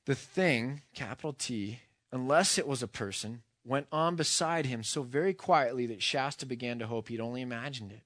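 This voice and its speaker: A man's voice: medium pitch, moderate pace, fairly bright tone, dry recording, clean studio sound. A man reading a storybook passage aloud, then speaking earnestly and reflectively in a sermon.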